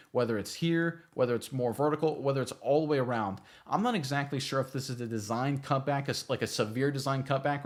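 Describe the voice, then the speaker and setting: A man hosting a football film review, breaking down plays in energetic, emphatic commentary with lots of rhetorical questions. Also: medium pitch. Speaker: football film analyst host.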